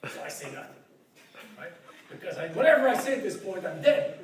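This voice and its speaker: A middle-aged man from Ottawa, a professor, telling a lively anecdote with frequent laughs and asides of "right?". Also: high voice, brisk. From Ottawa, Canada. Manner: animated, laughs often, keeps asking "right?". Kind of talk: storytelling anecdote. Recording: echoey room, distant mic, crowd chatter.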